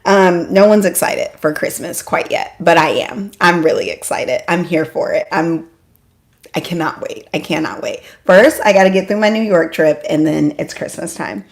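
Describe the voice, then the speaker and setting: A woman hosting a casual live stream from home, chatty and excitable, joking at her own expense and greeting viewers by name. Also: on the low side, moderate pace, hardly any pauses. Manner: self-deprecating, apologetic asides. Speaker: homeschool mom vlogger hosting a live stream.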